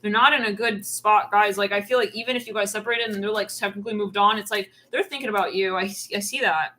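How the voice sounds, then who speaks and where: A woman giving a channeled tarot reading, animated and acting out quoted voices as she goes. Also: mid-range voice, quick pace, a little hiss or hum, rough recording. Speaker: tarot reader.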